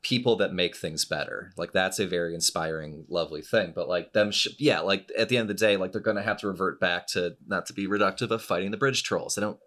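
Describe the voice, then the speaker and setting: A man co-hosting a comics podcast with a very deep voice. He talks haltingly, restarting and laughing as he searches for his words. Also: a bit bright. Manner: hesitant, laughing, many likes. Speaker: podcast co-host. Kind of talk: casual chat.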